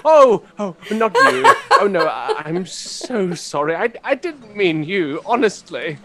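An actor playing a young waiter who fakes a Polish accent, stammering and apologetic. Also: male voice, sits high, sing-song, slow pace, very noisy, heavily acted. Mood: flustered. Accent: fake Polish. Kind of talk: audio drama acting.

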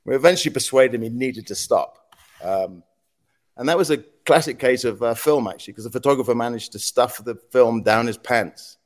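Male podcast guest, mid-pitched, storyteller type who acts out quotes and sound effects, laughs often. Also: normal speed. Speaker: podcast guest, former news agency head. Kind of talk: casual storytelling interview.

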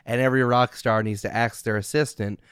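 A man's voice: medium pitch, steady tone, a little fast, a bit bright, smooth, no room sound, clean studio sound. A man co-hosting a sports podcast in casual chat, upbeat and joking. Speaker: podcast co-host.

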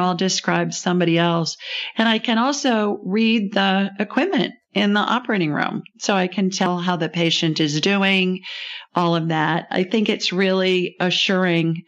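Lower-pitched woman hosting a call-in show. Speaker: radio show host, psychic. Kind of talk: call-in radio show talk. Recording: dull lo-fi broadcast sound.

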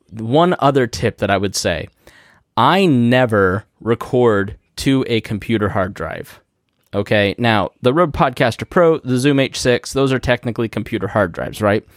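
A male podcast host explains recording gear in a relaxed, chatty way, walking through each step and adding quick asides. His voice sits at an ordinary mid pitch. It is captured close on a studio microphone through a mixer, dry with no trace of room echo. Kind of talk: casual instructional talk.

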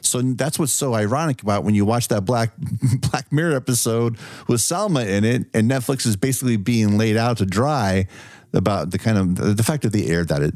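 A man co-hosting a casual movie review podcast, animated and profane, laughing often. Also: lowish voice, dry recording, studio quality. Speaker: podcast co-host.

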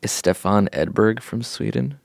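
A man's voice: lowish voice, a little slow, gravelly, no echo, clean studio sound. A man co-hosting a comedy advice podcast, chatting casually, laughing and teasing playfully. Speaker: podcast co-host.

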